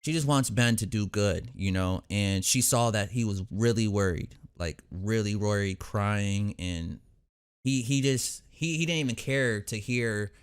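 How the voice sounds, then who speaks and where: A man's voice: on the low side, a little slow, clear, resonant tone. A young man hosting a reaction video, casually recapping an episode in a rambling way, full of fillers and restarts.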